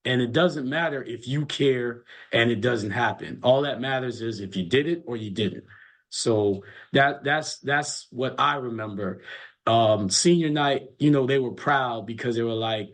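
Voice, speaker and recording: A man's voice: medium pitch, measured pace, fairly bright tone. A man coaching college basketball, chatting casually and telling earnest stories, often repeating his words. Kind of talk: casual chat.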